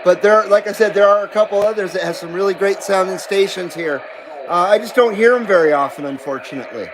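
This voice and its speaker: A man's voice: high voice, quick pace, a crowd in the background, poor audio. A man hosting a CB radio livestream, reading chat messages aloud in a rambling, self-deprecating way and laughing often. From western United States.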